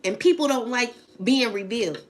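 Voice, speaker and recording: In a casual vlog, a woman reads tarot for her viewers, rambling along bluntly and with plenty of profanity. Her voice is slightly high, and she talks at a normal speed.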